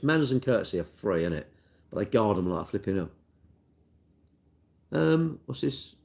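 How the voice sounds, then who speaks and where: A man's voice: mid-range voice, a little mellow. Chatty middle-aged man. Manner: chatty, rambling, tag questions like "innit". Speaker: car dealer. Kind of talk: casual live-stream chat reading viewer comments.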